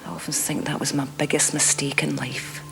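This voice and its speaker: An actress playing a wistful middle-aged Glaswegian wife, slow and confiding, in a scripted sitcom. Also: female voice, a bass voice, fairly even intonation, music in the background, poor audio.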